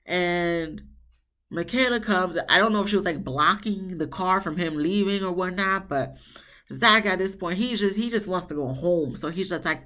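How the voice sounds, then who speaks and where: A woman with a fairly low voice, talking at a normal speed, recaps a reality TV episode in a chatty, slangy way. She reviews reality TV and tells the story with animation, acting out what the people on the show said.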